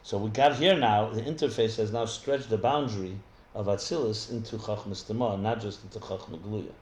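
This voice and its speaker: Rabbi teaching a text class in an echoey room. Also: male voice, lowish voice, steady tone, a little fast. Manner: thinks aloud with many restarts, explanatory. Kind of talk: live text study class. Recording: echoey room with faint ambience.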